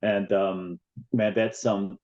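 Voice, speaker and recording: Kiwi guy w a bit of yank accent, chatty host, low mellow voice, muffled lo-fi sound. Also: little pitch movement, slow. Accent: New Zealand, a little American. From New Zealand. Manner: chatty, enthusiastic, long winding questions. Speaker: interview host. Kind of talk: casual interview chat.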